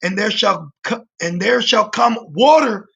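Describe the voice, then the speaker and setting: A man with a high voice, roughened by a gravelly fry, preaches over a livestream. He reads scripture aloud and drives each point home, often tagging "man" onto his lines and stumbling through fillers and restarts. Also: expressive, a bit bright. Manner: emphatic, repeats "man" as a tag; halting, with frequent fillers and restarts. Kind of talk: livestreamed sermon with scripture reading.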